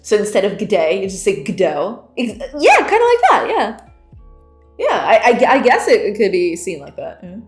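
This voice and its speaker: A woman's voice: mid-range voice, very animated, fairly quick. A woman, a game developer streamer, chatting casually with viewers, giggling often and reading chat aloud. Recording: roomy echo with faint background music.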